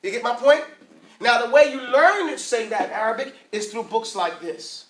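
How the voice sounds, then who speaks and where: High-voiced guy teaching arabic to a room, bright tone, quizzes the class, sounds far from the mic. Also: normal speed, reverberant. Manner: lively, asks the class questions, drills sounds aloud. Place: classroom with a group of students.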